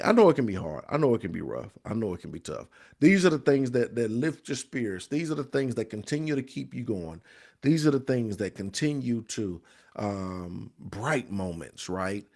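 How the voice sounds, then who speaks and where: A man's voice: mid-range voice, creaky. A man hosting a grief support talk, reading viewer comments and answering in an emphatic, preacherly, repetitive way. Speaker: host of a grief support show. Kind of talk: live-stream talk to viewers.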